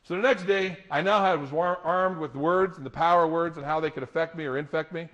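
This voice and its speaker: A middle-aged man giving a lively talk to an audience, storytelling with laughter. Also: fairly high pitch, fairly quick, lo-fi sound. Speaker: motivational speaker.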